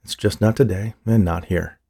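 A man's voice: on the low side, steady tone, normal speed, gravelly, slightly rough, no room sound, studio quality. A man doing a soothing male psychic. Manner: soothing, gentle. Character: calm, smooth-talking male psychic medium.

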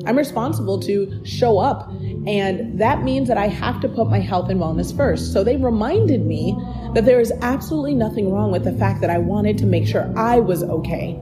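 A woman's voice: medium pitch, moderate pace. A woman hosting a podcast, telling a personal story in an earnest, encouraging way and speaking straight to the listener. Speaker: podcast host. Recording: music playing behind the voice.

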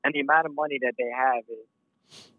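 A man's voice: mid-range voice, fairly even intonation, moderate pace, dry recording, narrow, tinny audio. A man who works as a first responder, a guest on a casual podcast, talking in an easygoing way and saying "yeah" often.

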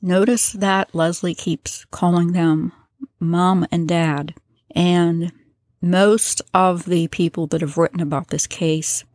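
A woman with a low voice narrates a true-crime story in a relaxed, conversational way, stopping to explain what she reads from a transcript. The sound is dry and close, with no room around it. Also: dry recording. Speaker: podcast host.

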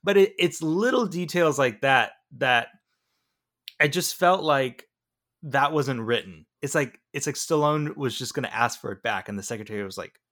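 A man's voice: mid-range voice, animated, moderate pace, a bit bright. A man co-hosting a casual movie podcast, talking with rambling enthusiasm and many restarts. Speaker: podcast co-host. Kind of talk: casual movie review chat.

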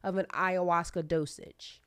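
Smooth-voiced woman co-hosting. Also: fairly low pitch, fairly even intonation, unhurried, a bit bright. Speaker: co-host. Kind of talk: casual chat.

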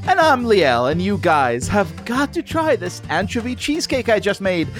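A woman's voice: medium pitch, very animated, normal speed, over music. Goofy, bouncy woman co-host. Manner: goofy punster, playful and bouncy. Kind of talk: scripted kids' podcast comedy.

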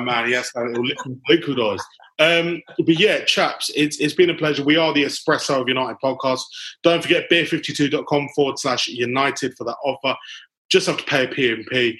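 On a low-quality recording, an English football podcast host keeps things chatty and joking, laughing and capping phrases with "chaps" and "mate" toward his guests. His mid-range voice is brisk and sharp-toned, with fairly even intonation.

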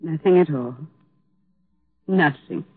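An actress playing a young mother numb with grief in a 1950s radio drama, hushed and despairing. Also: low-pitched, slow pace, slightly rough, dry recording, exaggerated voice. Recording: tinny old radio broadcast.

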